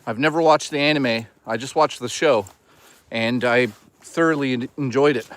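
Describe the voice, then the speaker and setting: A man's voice: medium pitch, moderate pace. A man casually chatting and joking with his live chat while out in the woods. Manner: joking, loose and teasing with chat. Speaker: streamer. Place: outdoors in the woods.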